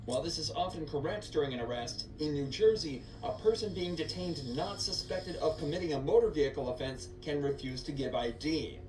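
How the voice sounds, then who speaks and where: A man's voice: a little high, animated. A man reading a scripted narration that explains the law step by step. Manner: explanatory, measured legal breakdown. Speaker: video narrator. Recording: echoey distant voice-over with background hum.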